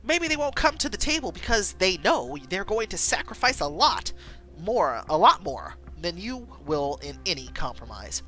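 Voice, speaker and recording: A woman voicing a blunt young female TV reporter, reading her lines in a raised, lively voice. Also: fairly low pitch, normal speed, faint music behind, voice pushed up. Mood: probing.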